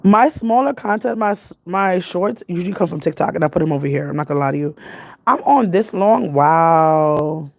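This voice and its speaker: Chatty New York woman with vocal fry. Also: fairly low pitch, lively intonation, moderate pace, a little mellow. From Jamaican family. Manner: chatty, rambling, laughs often. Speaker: vlogger. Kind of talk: casual livestream chat.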